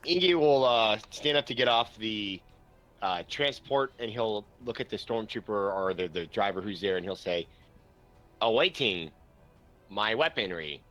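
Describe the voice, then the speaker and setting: A man playing a tabletop role-playing game, voicing a droid with formal, flat diction. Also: fairly low pitch, moderate pace, soft background music. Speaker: player.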